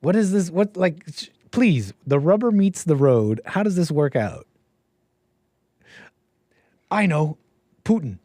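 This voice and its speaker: A man's voice: fairly high pitch, animated, takes it slowly, long pauses, warm tone, no echo, studio quality. A man hosting a solo commentary livestream, sarcastic and mocking, often laughing at what he reads. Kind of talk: solo political commentary stream.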